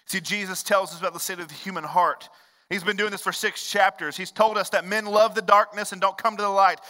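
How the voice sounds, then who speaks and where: A male pastor preaching a sermon in a conversational storytelling way, dropping to hushed lines and rising to loud, emphatic ones. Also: high voice, steady tone, brisk. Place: large church hall. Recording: long reverb of a large hall.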